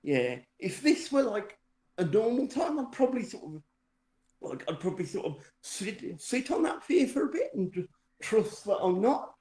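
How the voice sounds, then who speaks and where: A man's voice: sits high, big pitch swings, normal speed, a little mellow. Rambling man with wry humour, roomy sound. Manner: rambling, lots of fillers and restarts, dry self-mocking humour. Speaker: podcast co-host telling a story. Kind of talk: casual anecdotal storytelling. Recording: roomy echo.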